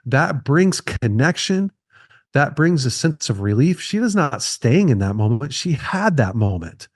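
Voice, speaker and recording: A man's voice: medium pitch, very animated, a little slow, no echo, studio quality. A man in his thirties, a podcast guest speaking earnestly and repeating key phrases for emphasis. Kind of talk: conversational podcast interview.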